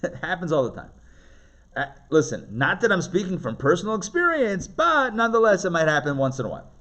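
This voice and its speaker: A man teaching a live class as a rabbi, his voice fairly high for a man and swinging widely in pitch. He talks in a chatty, animated way, keeps checking in with his listeners and laughs easily. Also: brisk. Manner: animated, chatty, asks the audience questions, laughs often.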